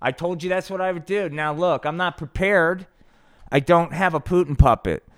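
Male podcast host, rambling, profane, smooth clear voice, dry close sound. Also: a little high, moderate pace, dry recording. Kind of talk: improvised comedic puppet show and chat.

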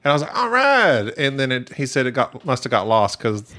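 A man co-hosting a casual podcast, tossing in quick wisecracks. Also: medium pitch, fairly bright tone. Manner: wisecracking, quick jokey interjections. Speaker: podcast co-host. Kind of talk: casual chat.

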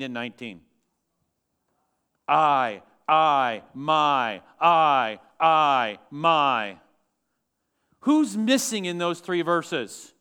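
High-voiced man preaching a sermon. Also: fairly bright tone. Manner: emphatic preaching, asks the congregation questions. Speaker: pastor.

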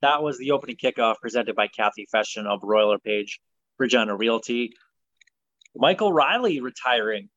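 A man hosting a casual sports podcast, leading segments in a brisk, opinionated way. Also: mid-range voice, animated, fairly bright tone, no room sound. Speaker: podcast host. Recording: dull, dry sound.

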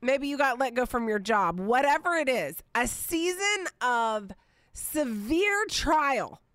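A woman in her forties hosting a casual Bible teaching podcast, chatty and expressive, with playful asides. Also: high voice, takes it slowly, no room sound. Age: 40s.

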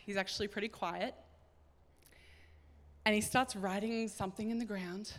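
A woman preaching a sermon, telling a Bible story in an animated way and acting out the voices. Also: medium pitch, moderate pace. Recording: hall reverb.

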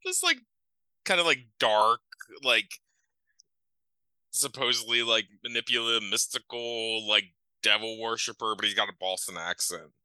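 A man's voice: fairly low pitch, fairly even intonation, moderate pace, pushed and bright, smooth, no room sound, rough recording. A man co-hosting a casual podcast chat, talking in a profane, filler-heavy way and laughing often. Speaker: podcast co-host.

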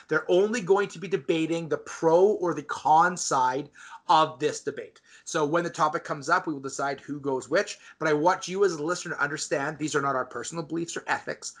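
A man hosting a debate podcast, energetically explaining the show's rules to listeners. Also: a little high. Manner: energetic, talks straight to listeners. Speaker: podcast host.

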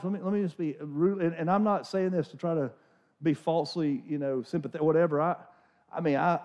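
A man in his forties preaching a sermon as a pastor, telling stories in an animated, conversational way with many restarts. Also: fairly high pitch. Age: 40s. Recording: dull lo-fi recording.

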